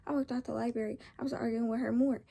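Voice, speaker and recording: A woman's voice: on the high side, quick pace, gravelly. A young woman casually telling a storytime, rambling along with slang and lots of restarts. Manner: rambling, animated retelling with slang.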